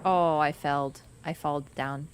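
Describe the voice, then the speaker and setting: Chatty woman streamer over faint game music. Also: moderate pace. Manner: chatty, teasing, jumps between high excited bursts and low mutters. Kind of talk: casual gameplay commentary.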